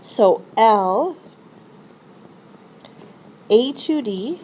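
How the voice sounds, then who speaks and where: A woman's voice: on the high side, lively intonation, extremely slow, a little mellow, slight background noise, low-quality recording. A woman teacher explaining a French grammar lesson step by step and modeling phrases for students to repeat. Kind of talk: recorded classroom lesson.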